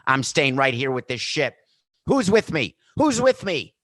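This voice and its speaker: A man putting on a breezy, loud tycoon going down with the ship. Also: very animated, measured pace, no echo, clean studio sound. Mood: mock-cheerful. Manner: mock-cheerful, loud and high. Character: pompous male club boss on a sinking ship.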